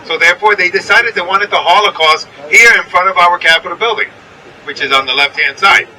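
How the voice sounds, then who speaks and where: A man's high, sharp voice moves fairly quickly as he guides a bus tour in a New York accent, chatting with riders and pointing out sights along the way. There's slight background noise, a distant mic, and low recording quality overall.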